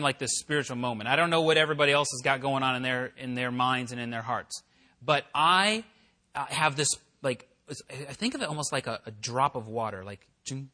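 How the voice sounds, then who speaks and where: A man preaching, telling a personal story in a chatty, animated way and acting out the voices he quotes. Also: mid-range voice. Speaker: pastor. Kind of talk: sermon storytelling. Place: church worship center.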